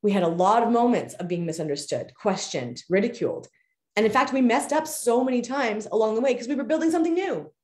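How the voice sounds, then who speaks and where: A woman hosts a live figure skating coaching show and gives a motivational talk, stressing and repeating her key phrases. Her voice is mellow and warm, and her words address the audience directly. The room adds a clear echo. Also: fairly high pitch, lively intonation, fast talker. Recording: roomy echo.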